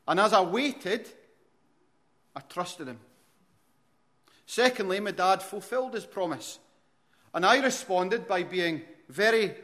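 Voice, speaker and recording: A man in his forties with an Aberdonian Scottish accent preaches to his congregation. His voice sits a little high for a man. He talks earnestly, often restarting phrases, and gets louder as he tells a story. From Aberdeen, Scotland. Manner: earnest preacher, frequent restarts, rises in volume when telling stories. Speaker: pastor. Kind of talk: sermon.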